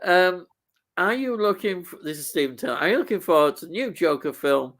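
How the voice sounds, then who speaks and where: Easygoing man, slightly high voice. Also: animated, fairly bright tone. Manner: easygoing, hesitant, quick to laugh. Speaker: livestream co-host. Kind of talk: casual live chat.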